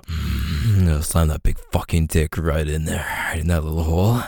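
A man performing an intimate adult audio role-play in a dominant, teasing manner, with heavy breathy moans between his phrases, recorded close to the microphone. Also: extremely low pitch, steady tone, moderate pace, hardly any pauses, mellow, no echo.

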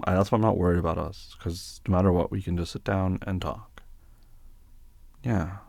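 A young man speaks in a deep, husky voice with a gravelly edge, recorded dry and close. He plays a tender boyfriend role-play, reassuring and patient. His speech is soft, with little stammers and restarts. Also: no echo.

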